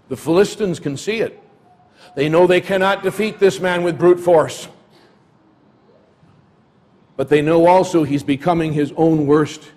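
A man preaching a sermon in a church, retelling a story dramatically. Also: fairly high pitch. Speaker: pastor.

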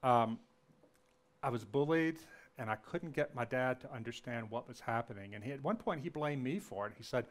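A man's voice: medium pitch, moderate pace. Storytelling Southern-raised man lecturing. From Louisiana, US South. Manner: anecdotal, animated when quoting, frequent ums and restarts.

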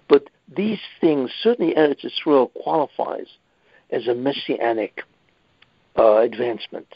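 Man, rabbi, weekly lecture, husky voice, emphatic, dull dry lo-fi recording. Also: a little high, no room sound. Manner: repeats "you see" often, emphatic. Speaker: rabbi giving a weekly class.

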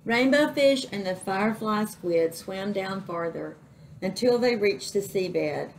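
A woman reading a children's picture book aloud as a librarian, slow and expressive. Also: medium pitch, slight background noise, rough recording. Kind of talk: children's story read-aloud.

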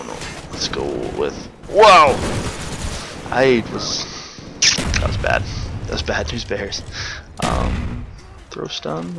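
A young man giving rambling, excitable live commentary while playing a shooter game. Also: fairly low pitch, vocal fry, background noise. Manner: chatty, rambling, excitable bursts. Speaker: gamer doing live commentary. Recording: game gunfire loud in background. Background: gunfire and game sounds.

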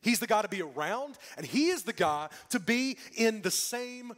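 A man delivers a church sermon in a high, bright-sitting voice. His pitch leaps and falls with great animation. He pushes key lines out loud and then sinks to a near hush for effect. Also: normal speed. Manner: lively preaching with dramatic drops to a hush. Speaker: pastor. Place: church sanctuary.

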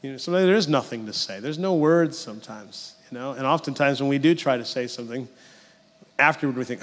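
A man's voice: medium pitch, a little fast. Man preaching in a reverberant hall. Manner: conversational, storytelling with asides. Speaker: pastor. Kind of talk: sermon.

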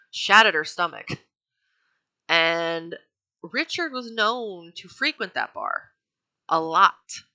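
A woman's voice: mid-range voice, pushed and bright. A woman casually telling a true crime story, chatty and profane with wry asides. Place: home.

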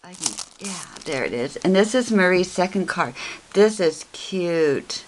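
A woman's voice: on the low side, animated, measured pace. A woman showing off her crafts in a casual unboxing, gushing and repeating how cute each piece is. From Texas. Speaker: craft vlogger. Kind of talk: casual unboxing show-and-tell.

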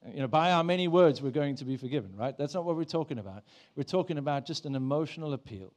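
A man's voice: a little high, lively intonation, fast talker, few pauses, a little mellow. A man preaching a sermon in church, talking in a conversational way, with many restarts and prayers he acts out in the first person. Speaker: pastor.

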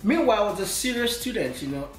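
A man's voice: high-pitched, very animated, fast, reverberant, faint music behind, poor audio. A young man, joking and hesitant as he chats with his partner. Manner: laid-back, joking, hesitant. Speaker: vlogger. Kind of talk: casual couple chat.

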